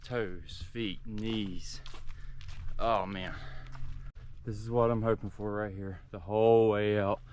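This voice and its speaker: A low-voiced man with a Southern American drawl talks to his handheld camera as he hikes a forest trail. He is chatty and worn out, sore from many miles. A faint outdoor hiss sits under his voice. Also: fairly even intonation, takes it slowly, darkish tone, highs cut off. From southern United States. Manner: chatty, talking to the camera while hiking. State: tired and sore from a long hike. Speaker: hiking vlogger. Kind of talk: casual vlog narration on the trail.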